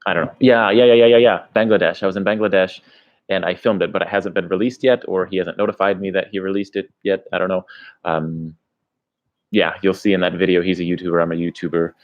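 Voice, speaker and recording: A man's voice: sits low, steady tone, fast talker, dull audio. A man who vlogs about his travels, chatting casually on a livestream and rambling through answers to viewer questions. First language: English. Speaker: travel vlogger.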